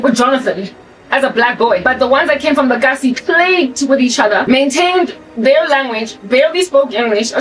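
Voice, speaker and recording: A woman's voice: fairly high pitch, recorded from a distance, low-quality recording. A woman in her forties from South Africa, her accent mixed with American sounds, delivering an emphatic, rambling monologue full of restarts. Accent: South African with American influence. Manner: rambling, emphatic, self-correcting. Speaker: channel host. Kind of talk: ranting monologue.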